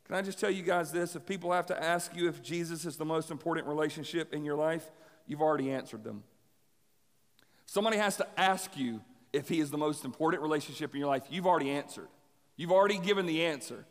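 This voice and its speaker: A man preaching a sermon, an animated storyteller who acts out the voices of the people in his stories. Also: a little high, quick pace. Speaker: pastor. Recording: long hall reverb.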